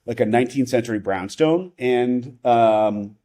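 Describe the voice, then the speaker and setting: A man with a voice of ordinary pitch tells a personal story in relaxed podcast chat. He rambles, trips over his own restarts and keeps checking in with "right?" as he goes. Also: a little slow. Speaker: podcast guest, investor. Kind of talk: casual conversational storytelling.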